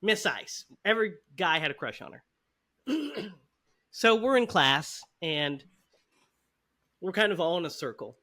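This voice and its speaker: A man's voice: high-pitched, very animated, measured pace, long pauses, pushed and bright. Guy hosting a movie podcast, lots of swoops in his voice, laughing thru a story. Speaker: podcast host. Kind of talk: casual chat, storytelling.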